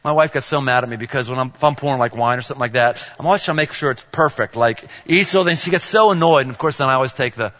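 A middle-aged man preaching a sermon, playful and animated, acting out family scenes with big swings in his voice. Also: very fast, hardly any pauses, in a large hall, lo-fi sound. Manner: animated, playful, acts out dialogue with big pitch jumps. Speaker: pastor.

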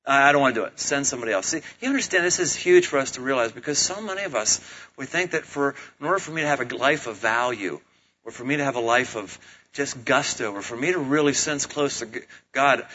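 Bright-voiced casual preacher. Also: male voice, medium pitch, fairly quick, dull audio, a little hiss or hum. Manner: casual, humorous, animated preaching. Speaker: pastor. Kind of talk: sermon.

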